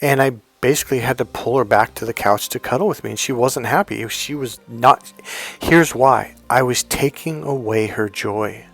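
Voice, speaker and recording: A man coaching on dating, telling a personal story in a lively way and raising his voice high to quote his girlfriend. Faint music plays behind him. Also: moderate pace, creaky. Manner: animated storyteller, high-pitched when quoting his girlfriend. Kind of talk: storytelling monologue.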